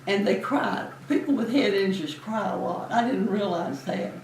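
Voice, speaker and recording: A woman's voice: mid-range voice, moderate pace, a little hiss or hum. A woman in her eighties, a former Navy nurse, telling her memories in an interview, chatty and often laughing. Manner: chatty, warm storyteller who laughs often. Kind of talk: reminiscing interview. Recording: echoey room, distant mic.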